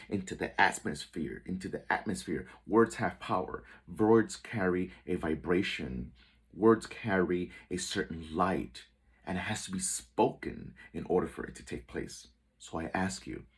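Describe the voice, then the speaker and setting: A man with a low, deep voice delivers a spiritual message as a teacher. His tone is heavily breathy and airy. He speaks in slow, measured phrases and repeats affirmations. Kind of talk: inspirational spoken message.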